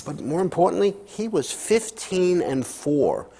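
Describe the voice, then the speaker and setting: A man co-hosting a sports talk show, telling stories in a casual, chatty way. His pitch swings up and down as he goes. He reads quotes aloud and fills his pauses with "uh". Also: sing-song, creaky, dark tone, breathy edge.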